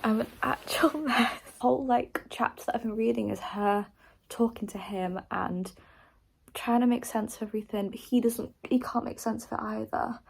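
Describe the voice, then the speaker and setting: A young woman with a slightly high voice, chatting about books on her vlog. Her tone is gravelly with fry and a husky grain. She talks in an excited, rambling way, dropping "like" all through. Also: normal speed, rough recording. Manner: chatty and gushing, heavy use of "like". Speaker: book vlogger. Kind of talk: casual vlog chat.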